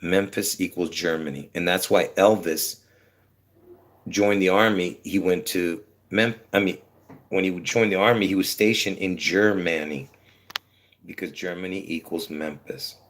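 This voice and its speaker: A man's voice: low-pitched, fairly even intonation, a little slow. A man rambling casually to his viewers on a livestream from his apartment, trailing off with many fillers. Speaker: livestream host.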